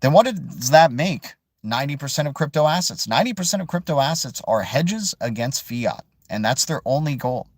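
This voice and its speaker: A man's voice: mid-range voice, lively intonation, normal speed, hardly any pauses, dry recording, clean studio sound. A man hosting a casual live chat stream, rambling and joking with viewers and calling them "dude" and "man". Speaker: crypto livestream host.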